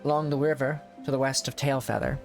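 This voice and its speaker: Folksy hunter spinning a yarn, as a streamer reads him. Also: male voice, medium pitch, level tone, fast, creaky, faint music behind, natural voice. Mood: storytelling. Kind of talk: reading game dialogue aloud.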